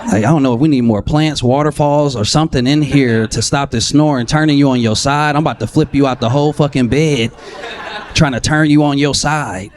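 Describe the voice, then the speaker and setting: A man doing a profane, animated stand-up set in a live comedy club, acting out voices in his stories. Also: mid-range voice, a little fast. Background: audience laughter.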